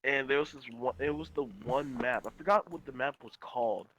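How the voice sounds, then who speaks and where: A young man with a bright, forceful voice rambles through a gaming story on a casual podcast. He swears freely, restarts his sentences and piles on fillers. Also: mid-range voice, a little fast, a little hiss or hum, poor audio. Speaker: podcast co-host. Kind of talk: casual chat.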